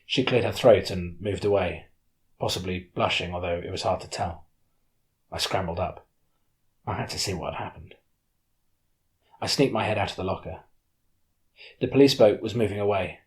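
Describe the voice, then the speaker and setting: A man narrating an audiobook in the first person with steady storytelling. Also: sits low.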